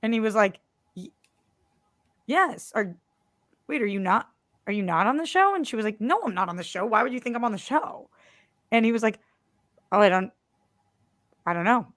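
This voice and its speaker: A woman co-hosting a podcast, telling a story with lively acted-out quotes. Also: fairly high pitch, moderate pace, long pauses, no echo, clean studio sound. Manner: animated storyteller acting out quotes. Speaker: podcast co-host. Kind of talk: casual chat.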